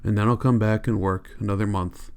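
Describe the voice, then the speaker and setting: A man voicing a grim, weary ranch worker loyal to his friend, speaking in a low, quiet rural drawl. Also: steady tone, brisk, clean tone, natural voice. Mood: resigned.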